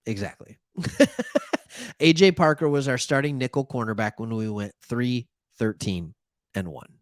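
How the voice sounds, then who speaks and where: A man's voice: mid-range voice, moderate pace, dry recording, studio quality. A man from Michigan hosting a sports talk show, chatting casually and animatedly with joking asides. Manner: animated, joking asides, plays imagined callers.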